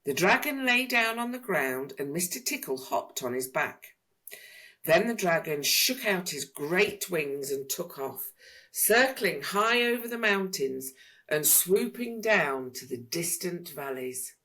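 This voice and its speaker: A woman reading a children's picture book aloud in an expressive, sing-song manner. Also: fairly low pitch, a little slow. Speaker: storyteller.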